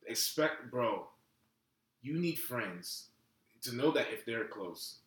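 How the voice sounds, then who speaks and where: A man hosting a relaxed podcast chat, easygoing and calling his guest bro. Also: mid-range voice, slow pace, echoey room, low-quality recording. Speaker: podcast host. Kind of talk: casual chat.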